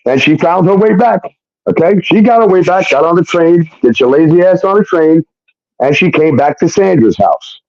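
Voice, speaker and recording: Animated man telling his story. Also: fairly high pitch, normal speed, dry recording, muffled recording. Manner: animated, keeps adding "okay?". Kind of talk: casual storytelling monologue.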